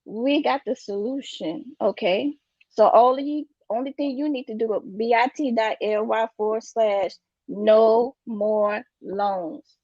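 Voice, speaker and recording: A woman's voice: on the high side, slow pace, mellow, dry recording, dull audio. A woman giving an emphatic, preachy motivational talk about finances, repeating her catchphrases. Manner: preachy, repeats "you get what I'm saying". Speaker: guest speaker on finances.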